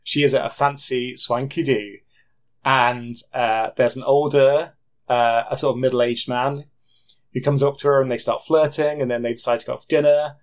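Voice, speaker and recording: A man's voice: medium pitch, steady tone, normal speed. A man, co-hosting a podcast and recapping a film plot in a loose, self-correcting way. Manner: rambling, self-correcting, laughs at himself. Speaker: podcast co-host. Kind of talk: casual film review chat.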